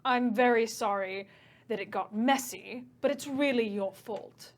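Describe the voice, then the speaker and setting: A woman voicing a menacing male Ifriti with a put-on British accent, polite and quietly sinister. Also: extremely high pitch, unhurried. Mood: cold regret. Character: menacing male Ifriti killer, calm and regretful.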